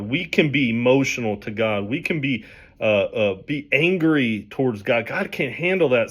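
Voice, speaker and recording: A man teaching from the Bible in a relaxed, conversational way, often restarting his sentences. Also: mid-range voice. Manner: conversational, with frequent restarts and fillers. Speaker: pastor.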